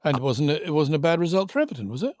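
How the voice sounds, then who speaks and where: Man, middle-aged, podcast co-host, reflective storyteller, slightly high voice. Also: sing-song, racing, a little mellow, no echo, studio quality. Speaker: podcast co-host, former TV commissioner. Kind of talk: casual chat.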